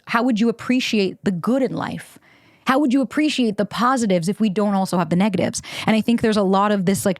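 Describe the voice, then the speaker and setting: A woman's voice: medium pitch, no echo, clean studio sound. A woman hosting her own podcast, giving candid advice in a casual solo monologue, blunt and swearing freely. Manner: acts out her own past thoughts in quick asides. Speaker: podcast host.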